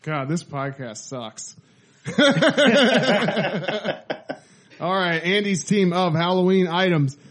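Male podcast host, high voice, unhurried, laughs a lot, mock-announcer reads; faint music under. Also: animated, a bit bright. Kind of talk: casual chat, reading out list.

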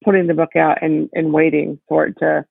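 Guesting on a podcast over a tinny phone-line call, a woman chats easily and casually, laughing as she goes. Her low, husky voice has vocal fry, a level tone and a brisk pace, with no room sound.

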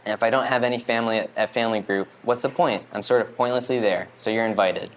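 A man's voice: on the low side, fairly even intonation, fast talker, a little hiss or hum. A man performing a first-person monologue in a wry, rambling, conversational way. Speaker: storyteller.

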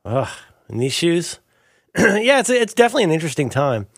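Casual podcast co-host, middle-aged man, gravelly and animated, dry close mic. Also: on the high side, brisk, no echo. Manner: rambling, jokey, slips into goofy impressions. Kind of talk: casual chat.

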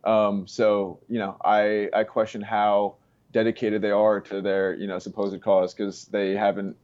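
A man talking politics in a casual chat, halting, with lots of fillers and "you know". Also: fairly low pitch, level tone, darkish tone, dull audio. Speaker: street interviewer guest.

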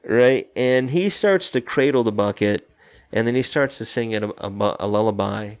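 This man's lowish voice is smooth and moderately paced. As co-host of a casual film podcast, he gives a loose, scene-by-scene retelling of a horror movie and acts out its lines.

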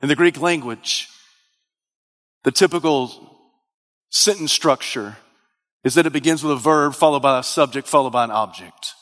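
A man's voice: mid-range voice, moderate pace, pauses often, a bit bright. A man preaching a sermon with dynamic delivery, his voice rising into emphatic, sung-out peaks. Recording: long reverb of a large hall.

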